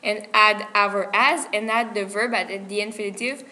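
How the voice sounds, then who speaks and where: A woman student presenting a grammar lesson, reading her prepared explanation carefully and deliberately. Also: medium pitch, steady tone, bright, forceful tone.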